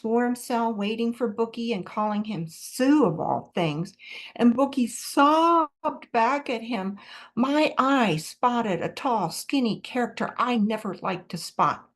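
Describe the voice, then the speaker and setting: A woman reads her own novel aloud at a live event, telling it in the first person with expressive, storytelling delivery. Her voice sits high, and she takes the text slowly and deliberately. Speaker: author. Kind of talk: reading fiction aloud.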